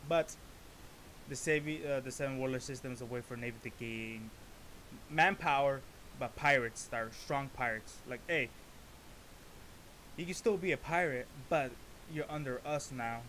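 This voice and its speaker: A man casually reacting to a rap song, rambling through explanations and breaking into excited interjections. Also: mid-range voice, moderate pace, long pauses, a little hiss or hum.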